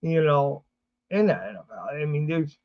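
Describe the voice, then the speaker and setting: A man's voice: fairly high pitch, animated, moderate pace, dull audio. A man hosting a casual sports livestream, rambling with fillers and restarts, sleepy and yawning. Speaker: sports show host.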